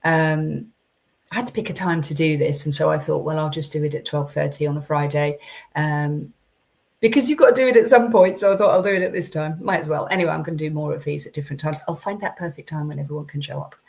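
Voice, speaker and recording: Woman, parenting coach on a live stream, low voice, conversational with ums. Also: fast, vocal fry, darkish tone. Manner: conversational, chatty, frequent ums and restarts. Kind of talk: live-streamed advice talk.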